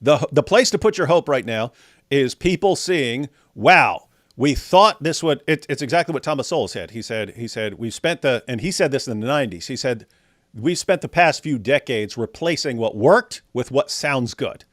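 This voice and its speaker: A man's voice: mid-range voice, lively intonation, normal speed, dry recording, clean studio sound. A man co-hosting a live talk stream, speaking in emphatic casual commentary and often repeating his phrases. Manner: emphatic, repeats phrases, mocking quoted voices.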